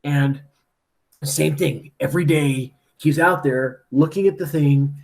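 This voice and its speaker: A man's voice: fairly high pitch, unhurried, darkish tone. A man teaching a class, casually retelling a story with lots of "like" and "right?".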